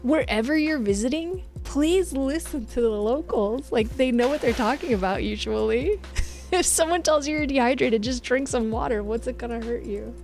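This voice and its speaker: A woman's voice: high-pitched, lively intonation, normal speed, a little mellow, faint music behind. A young woman streaming live, chatting casually with her viewers in a bossy, laughing way and acting out what people say. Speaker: Twitch streamer.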